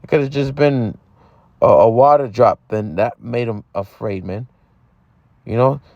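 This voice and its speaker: A man's voice: medium pitch, unhurried, no echo. Casual preacher man, dull lo-fi sound. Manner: casual, repeats words and says "man" often. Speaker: camp teacher. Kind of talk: street-style Bible teaching.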